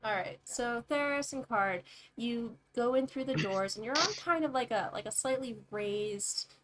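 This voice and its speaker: Slow-spoken woman running a tabletop game. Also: on the high side, a little hiss or hum. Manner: relaxed, hesitant descriptions with fillers. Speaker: dungeon master.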